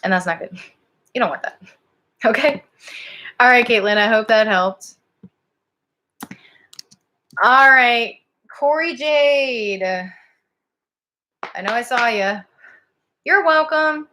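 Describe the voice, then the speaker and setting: A woman's voice: a little high, slow, long pauses, sharp tone. A woman giving casual live-stream psychic readings, chatty and giggly, often wandering off topic. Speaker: psychic card reader.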